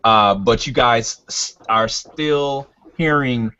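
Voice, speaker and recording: A man running a tabletop game as game master, narrating in a halting way with many fillers and restarts. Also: mid-range voice, sharp tone, clear, resonant tone, dull audio.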